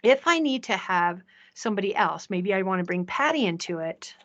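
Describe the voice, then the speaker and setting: Chatty woman presenting a software demo. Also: mid-range voice, animated, moderate pace, highs cut off. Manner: chatty, asks "right?" often. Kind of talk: live software demo talk.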